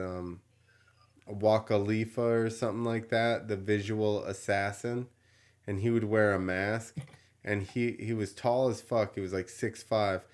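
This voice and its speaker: Man, podcast host, casual storyteller, profane, animated, fairly low voice. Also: clear, resonant tone. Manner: animated, profane, laughs while telling stories.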